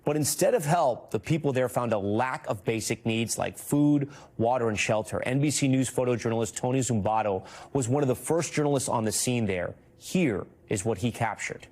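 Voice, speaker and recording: A news anchor introduces a report, then questions his guest in an even, conversational tone. The man's voice sits in a middle register. He sounds composed and professional. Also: medium pitch, normal speed, few pauses. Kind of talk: broadcast news narration and interviewing.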